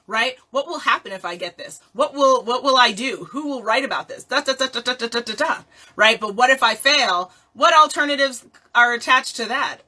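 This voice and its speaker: A woman coaching listeners in a motivational talk, playful and animated, often asking rhetorical questions and laughing. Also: a little high. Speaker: life coach.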